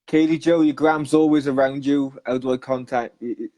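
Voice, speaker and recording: A man's voice: medium pitch, steady tone, mellow. A man with a Welsh accent co-hosting a casual live video, laughing and reading out viewers' comments. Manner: unhurried, laughs often, reads out viewer comments. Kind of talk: casual live-stream chat.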